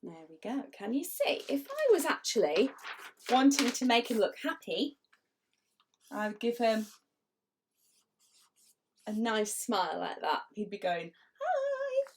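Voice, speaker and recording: A woman's voice: fairly high pitch, sing-song, measured pace, pauses often, slight background noise. A middle-aged woman, chatting playfully as she leads a drawing lesson for children. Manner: chatty, playful, laughs often. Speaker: illustrator teaching drawing.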